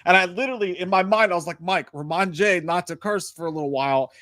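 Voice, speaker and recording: A man co-hosting a casual chat, teasing his partner in quick banter. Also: sits high, bright, forceful tone, no room sound, studio quality. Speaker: podcast co-host.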